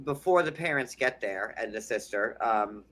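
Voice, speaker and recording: Male co-host with a bright tone, animated, recapping reality TV casually. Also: lowish voice, moderate pace. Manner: animated, slips into playful impressions.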